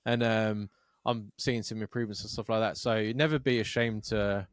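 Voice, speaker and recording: A man's voice: fairly low pitch, steady tone, normal speed, no echo. Podcast guy, sweary and rambling, acts out people in his stories, dry close mic. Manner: sweary, rambling storytelling with acted-out quotes. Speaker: podcast co-host. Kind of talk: casual chat.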